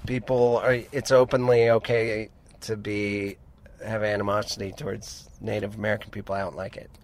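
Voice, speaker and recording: A man's voice: lowish voice, little pitch movement, moderate pace. A middle-aged man from Montana, co-hosting a podcast, who tells long rambling stories that stop and restart. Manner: rambling, self-interrupting storyteller. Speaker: podcast co-host. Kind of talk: casual chat.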